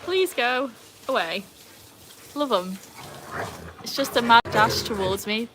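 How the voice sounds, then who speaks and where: A woman's voice: on the high side, lively intonation, takes it slowly, noisy background. A woman, chatting casually on a live stream, laughing often and greeting viewers by name. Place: outdoors by a pool with dogs. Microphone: handheld phone.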